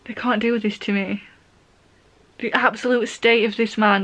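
A young woman vlogging her reactions as she reads, excitable and swearing, with frequent gasps and laughter. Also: medium pitch, normal speed. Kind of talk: reading reaction vlog.

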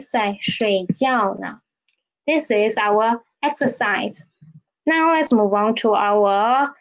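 A woman teaches step by step, with a voice that sits somewhat high and moves at an unhurried pace. She repeats words and keeps checking in with "okay?" and "right?". The recording sounds slightly dull and lo-fi. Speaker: Chinese language teacher. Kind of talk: slow step-by-step lesson.

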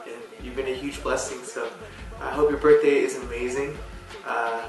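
In this casual birthday video, a young man hesitantly rambles to a friend and keeps trailing off. His voice is medium-pitched and steady at a normal speed, and the recording has him distant from the mic in a very echoey room with music playing.

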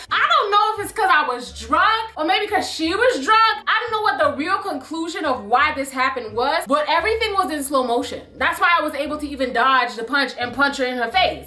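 Young woman, twenties, storytime vlogger, high bright voice, brash, profane, comic, echoey room. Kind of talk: storytime vlog.

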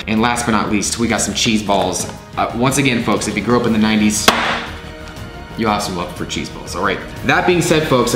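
Chatty young man vlogging to camera. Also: fairly low pitch. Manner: chatty and upbeat, addresses viewers as folks. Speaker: food vlogger. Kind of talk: casual vlog talk to camera.

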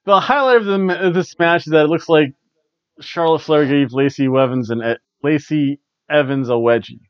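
A man with a fairly high voice hosts a casual wrestling review show, rambling offhand at a moderate pace with ums and restarts. His tone is smooth, and the home camera recording sounds dry and dull.

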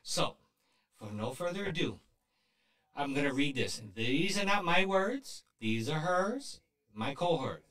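A man co-hosting a podcast, chatting casually and joking with lively swings in his voice. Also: reverberant, recorded from a distance. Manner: lively, joking, quick shifts in pitch. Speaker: podcast co-host and coach. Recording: voice set back from the mic.

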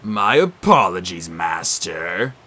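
Low slow mocking ghost king, husky and menacing, a man doing the voice. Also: very animated, pushed and bright, full character voice. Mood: sneering menace. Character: sneering ghost of an ancient king, male.

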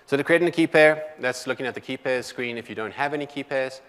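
A man with a South African accent giving a technical conference talk, talking quickly with many fillers and restarts. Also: medium pitch, a bit bright, big-room sound. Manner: quick, loose delivery full of "um" and restarts. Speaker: conference presenter. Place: large conference hall.

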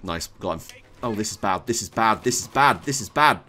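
A gaming YouTuber giving let's-play commentary, muttering one moment and yelling the next. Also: medium pitch, brisk, noisy background. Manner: excitable, swings from muttering to yelling.

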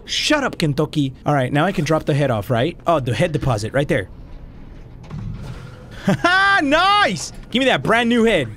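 A man doing excitable let's play commentary, swearing and shouting at the game as he plays. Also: on the high side, fast, a little hiss or hum. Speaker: gaming YouTuber.

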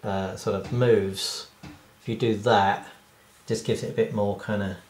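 A man's voice: on the low side, fairly even intonation, unhurried, a little mellow. A man, a cartoonist, talking through a casual drawing tutorial in a rambling, self-deprecating way and laughing at his own jokes. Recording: roomy echo.

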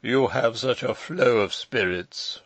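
A man reading the part of a pompous elderly gentleman who lectures at length. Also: mid-range voice, slow, no room sound. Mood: anxious. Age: older. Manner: lecturing, long-winded. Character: pompous elderly male lecturer, self-important.

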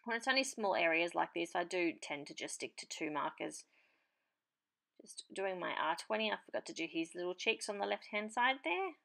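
A woman's voice: on the low side, lively intonation, gravelly, fairly bright tone. A woman hosting a papercraft channel, chatting casually as she explains her marker colouring in a tutorial voice-over. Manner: chatty, unhurried, talks while working.

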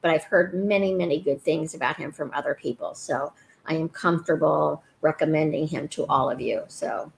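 A woman's voice: sits low, moderate pace, gravelly, slight background noise, low-quality recording. Earnest woman hosting a live chat. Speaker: host.

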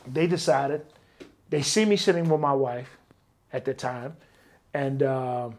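A man's voice: medium pitch, a little slow, long pauses. A middle-aged man, telling stories in a casual interview and acting out the dialogue. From Detroit, US. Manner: animated, acts out quoted dialogue. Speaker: interview guest, former bodyguard.

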